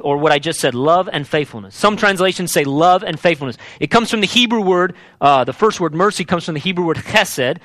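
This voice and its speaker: Man, pastor, sermon, emphatic, repeats words, high voice, lively pitch. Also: dry recording.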